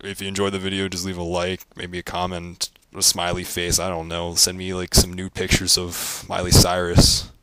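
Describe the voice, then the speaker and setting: A young man with a low, bright and forceful voice rambles through a casual, jokey rant, stumbling over filler words. His delivery is deadpan and loose, recorded dry and close with no room echo. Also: moderate pace, few pauses, smooth. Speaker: vlogger.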